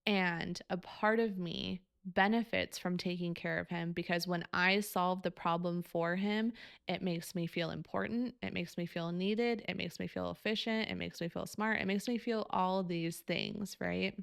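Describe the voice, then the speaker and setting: Young woman podcast host, candid and emotional, swears freely, some vocal fry, dry close recording. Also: lowish voice, steady tone, a little slow, no echo. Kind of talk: personal storytelling.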